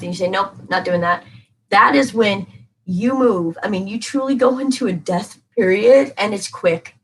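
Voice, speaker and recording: A woman gives a live-stream tarot reading, speaking casually but emphatically to her viewers and answering their comments as she goes. Her voice is medium-pitched, and the recording is rough.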